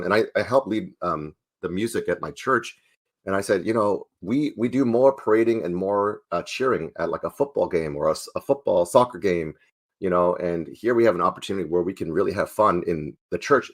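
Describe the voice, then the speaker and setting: Deep-voiced playful man in his forties. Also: fairly quick. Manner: playful, energetic storyteller. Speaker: sales trainer and former pastor. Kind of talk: interview answers.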